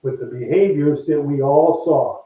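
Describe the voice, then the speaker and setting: A man's voice: fairly high pitch, a little slow. Older man telling stories, echoey far line. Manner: animated, acts out quoted voices. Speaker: guest, former ballplayer. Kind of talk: casual storytelling interview. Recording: echoey, distant, dull remote line.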